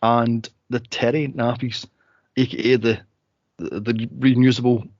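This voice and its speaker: A man co-hosting a casual movie podcast, telling stories and acting out scenes with sudden high squeals. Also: measured pace, no echo, dull audio. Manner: animated storyteller, acts out scenes in high squeals. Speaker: podcast co-host.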